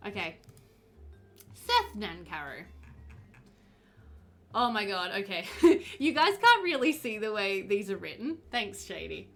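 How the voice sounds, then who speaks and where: A woman's voice: medium pitch, very animated, unhurried, pauses often, fairly bright tone, faint music behind. A woman streaming a murder mystery game, thinking aloud in a chatty, giggly way. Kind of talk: casual game commentary.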